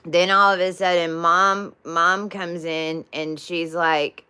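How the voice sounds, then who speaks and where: A woman's voice: on the low side, fairly even intonation, slow, pushed and bright, clean tone, dry recording. A woman telling a spiritual story in a casual, rambling way with many restarts and asides. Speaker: spiritual vlogger.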